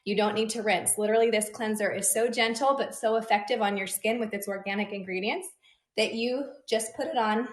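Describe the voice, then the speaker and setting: A woman's voice: medium pitch, steady tone, a little fast. Bubbly woman reviewing beauty products. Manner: bubbly, chatty, addresses viewers directly. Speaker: beauty influencer. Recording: echoey room.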